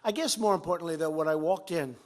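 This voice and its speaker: A man's voice: on the high side, fast. Emphatic older man at a podium. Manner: repetitive, emphatic, swings between loud and quiet. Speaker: politician giving a campaign speech. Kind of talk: campaign rally speech. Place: fundraiser event.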